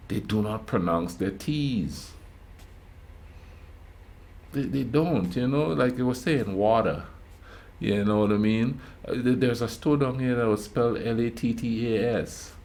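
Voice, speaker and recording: A man's voice: mid-range voice, a little mellow. A middle-aged man with a Grenadian accent, hosting a reaction video and chatting casually to camera with storytelling asides. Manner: chatty, storytelling, frequent "you know what I mean" asides.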